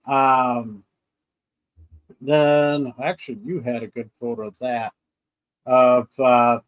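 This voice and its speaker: A man's voice: medium pitch, level tone, takes it slowly, low-quality recording. A man co-hosting a podcast in casual chat, rambling through scenes, acting out his own reactions and laughing often. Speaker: podcast co-host.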